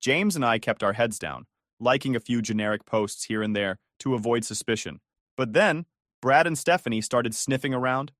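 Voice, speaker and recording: A man's voice: medium pitch, normal speed, a bit bright, dry recording, studio quality. A man narrating a first-person revenge story in a dramatic, gossipy way.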